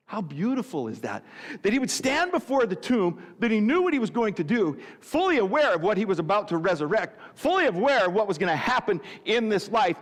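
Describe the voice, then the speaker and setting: A man preaching a sermon as pastor, telling the story animatedly and often stammering over repeated words. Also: sits high. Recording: echoey hall.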